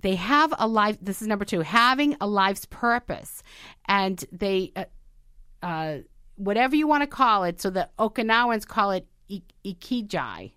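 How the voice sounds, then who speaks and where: A woman's voice: mid-range voice, lively intonation, normal speed, sharp tone, clear, resonant tone, no echo. Chatty woman in a dry close sound. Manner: chatty, reading points from a list and adding stories. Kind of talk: casual talk show chat.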